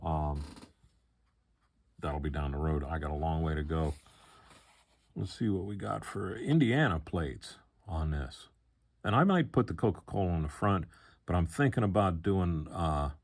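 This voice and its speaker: Older man with a low voice, rambling. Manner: relaxed, rambling, with many fillers and restarts. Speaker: model kit hobbyist. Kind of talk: casual unboxing commentary.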